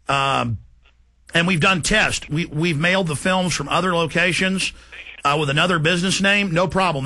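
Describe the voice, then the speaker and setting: Radio host guy, loud and pushy, kinda high voice, fired up the whole time. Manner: forceful, indignant, fast and emphatic. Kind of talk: talk radio monologue.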